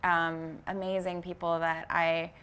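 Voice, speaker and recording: A woman with a bright, forward voice speaks earnestly as an interview guest. She talks casually and reflectively, often reaching for words with small fillers and restarts. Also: fairly low pitch, flat delivery, unhurried, smooth. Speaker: vegan fashion brand founder, interview guest.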